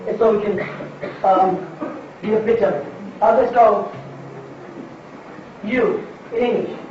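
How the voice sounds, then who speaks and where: High-voiced man lecturing in an echoey room. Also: takes it slowly, a little hiss or hum. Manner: emphatic, repeats points, asks rhetorical questions. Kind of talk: lecture with audience questions. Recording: distant, echoey, dull lo-fi recording.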